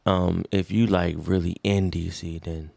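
A man's voice: deep voice, flat delivery, unhurried, vocal fry, darkish tone, dry recording. A man with a Washington D.C. accent, co-hosting a podcast in laid-back, joking, slangy casual chat. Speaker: podcast co-host.

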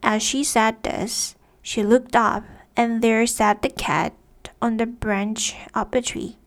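A woman's voice: a little high, little pitch movement, slow. A woman narrating a storybook in a careful read-aloud way. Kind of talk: storybook reading.

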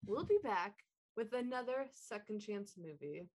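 A woman's voice: medium pitch, lively intonation, unhurried. A woman co-hosting a movie podcast in casual chat, chatty and self-deprecating. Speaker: podcast co-host.

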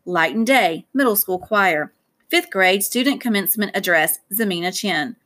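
A woman narrating an audiobook in a plain, even storytelling voice. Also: mid-range voice, normal speed. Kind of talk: scripted narration.

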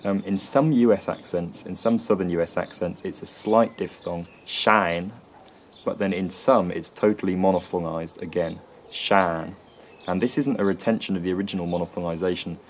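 An English man with an English accent explaining accents and sounds in a lesson, often pausing with ums and restarting phrases. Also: low voice, a little mellow, slight background noise. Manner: hesitant, frequent ums and restarts. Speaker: accent and linguistics presenter.

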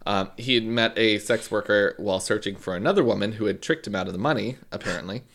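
A man's voice: lowish voice, fast talker. A man co-hosting a podcast, retelling a crime story in casual chat with playful asides. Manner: lively, laughing, playful asides. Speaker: podcast co-host.

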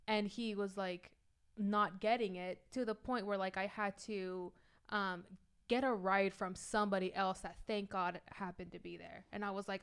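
A woman's voice: medium pitch, fairly even intonation, normal speed, clear, resonant tone. A woman on a podcast telling a story in casual chat, peppering it with "like". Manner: chatty, fills her talk with "like". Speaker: podcast co-host.

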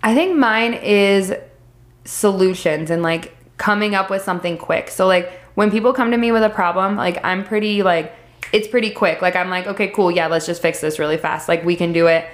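A woman co-hosting a casual podcast chat, her voice sitting at an ordinary middle pitch. She talks in a loose, chatty way and acts out panicked voices. The room around her gives a noticeable echo. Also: normal speed. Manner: chatty, animated when acting out panic. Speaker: podcast co-host. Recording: roomy echo.

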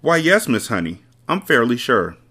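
A man voicing a small, serious five-year-old girl who answers quietly and politely. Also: mid-range voice, very animated, moderate pace.

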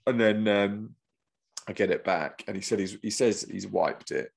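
A man's voice: fairly low pitch, normal speed, gravelly. A man in casual chat, telling a story animatedly and acting out the voices of the people in it.

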